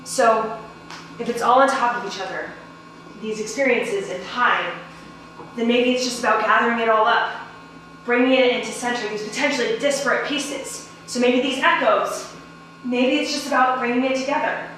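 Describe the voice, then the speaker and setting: An actress playing a playful ghost woman who lectures breezily and turns hushed and hypnotic, in a stage play. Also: fairly high pitch, steady tone, moderate pace, natural voice. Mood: lecturing. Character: playful dreamy ghost woman, self-styled genius. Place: small theater stage. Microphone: distant room mic. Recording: echoey stage from far off, hum.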